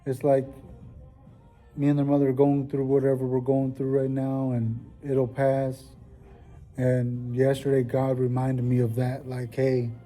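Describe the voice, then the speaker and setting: A man's voice: medium pitch, dark tone. A man talking casually in a vlog, rambling and heartfelt, with lots of fillers. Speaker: vlogger. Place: at work.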